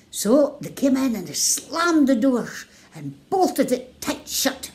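A woman with a Scottish accent telling a children's story in a playful, expressive way. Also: fairly high pitch, slow.

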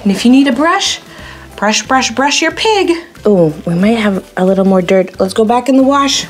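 High, singsong woman teaching toddlers. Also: expressive, soft background music. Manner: cheerful, repetitive, slow and exaggerated for toddlers. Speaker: children's show host. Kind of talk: sing-song toddler teaching with toy play.

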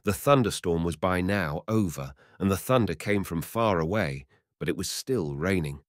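Low-voiced guy narrating a story, lively up and down, dry close sound. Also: moderate pace, no room sound. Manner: expressive storytelling. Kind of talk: reading a short story aloud.

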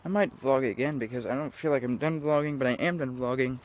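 A man's voice: medium pitch, fast. A young man rambling through a casual vlog outdoors, scattered and self-mocking, losing his train of thought and laughing often into a camera mic. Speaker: vlogger. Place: outdoors in sunlight.

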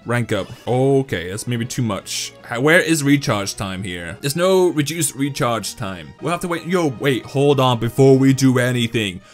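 Young man, casual game commentary, excitable outbursts, lively pitch, faint background music. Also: normal speed, hardly any pauses. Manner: excitable, swings into loud high-pitched outbursts. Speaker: gaming YouTuber.

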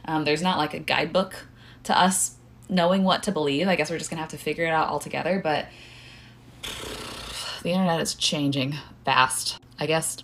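A woman's voice: sits low, fairly even intonation, normal speed, vocal fry, slight background noise. A young woman content creator giving casual commentary, musing and rambling.

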